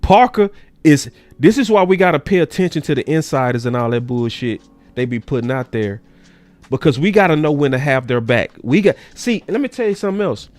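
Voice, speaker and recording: A man's voice: brisk, dry recording. A man hosting a sports talk show in casual commentary. He talks emphatically, repeats his points and swears. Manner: animated, jumps between low and high.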